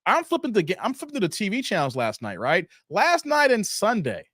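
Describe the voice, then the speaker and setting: A man hosting a casual live stream, talking in loose slang, greeting viewers by name and getting animated as he riffs. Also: brisk, no echo, studio quality. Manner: animated, jumps high in pitch when worked up.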